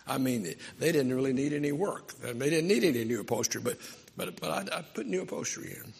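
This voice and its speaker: A man's voice: medium pitch, expressive, fairly quick, creaky, breathy edge, long reverb tail. A man playing a proud, plainspoken working-class upholsterer in a told story, with an earnest, matter-of-fact manner.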